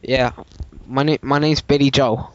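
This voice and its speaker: A man's voice: mid-range voice, fairly even intonation, no echo, natural voice. A man putting on a rambling hillbilly caller. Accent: put-on Southern US. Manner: rambling, halting, many restarts. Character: hillbilly man posing as truck owner. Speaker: prank caller. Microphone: phone line. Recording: dull lo-fi prank call recording.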